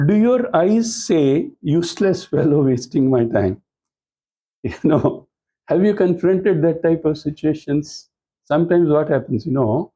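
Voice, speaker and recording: A man's voice: on the high side, dark tone, rough recording. A man giving a training lecture to business professionals, explaining points and posing rhetorical questions to the audience. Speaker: speaker at a corporate training talk.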